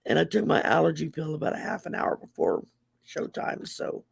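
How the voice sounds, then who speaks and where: A Southern woman with a mix of Texas drawl and Cajun in her speech, hosting a relaxed livestream chat. Her voice is rough and gravelly with a husky edge, and it leaps around in a high, lively range. She keeps things folksy and chatty. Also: normal speed, dry recording. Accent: Southern US Gulf Coast, Texas drawl and Cajun blend. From Louisiana, US Gulf Coast. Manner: chatty, laughs often, folksy. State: teary-eyed from allergies. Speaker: livestream host.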